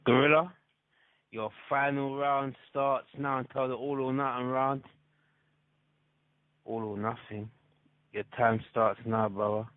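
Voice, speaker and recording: A man moderating a debate, announcing the rounds in an unhurried, matter-of-fact way. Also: mid-range voice, flat delivery, no echo. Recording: dry phone-like line.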